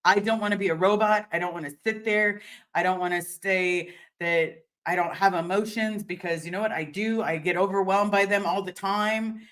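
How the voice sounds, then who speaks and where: A woman's voice: mid-range voice, fairly even intonation, normal speed, fairly bright tone. Young woman, casual livestream host at home, candid and chatty, lots of restarts. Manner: candid and chatty, swearing, many fillers and restarts. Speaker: livestream host answering viewer comments.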